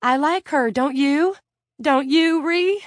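A frightened woman inmate, voiced by a female narrator, begs in a raised, cracking voice. The delivery is shrill and desperate, with close, dry sound and no room around it. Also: takes it slowly, no echo. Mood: pleading. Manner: desperate, tearful pleading. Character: frightened middle-aged woman inmate, pleading.

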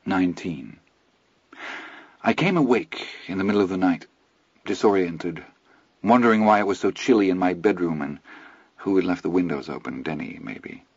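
Low-voiced male audiobook narrator. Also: normal speed, pauses often, darkish tone, husky, dry recording. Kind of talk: scripted first-person narration. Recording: dull lo-fi audio, dry.

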